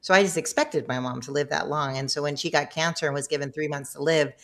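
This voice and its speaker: Low-voiced chatty middle-aged woman. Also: fast, fairly bright tone. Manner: chatty, self-deprecating, laughs often. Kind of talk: casual storytelling.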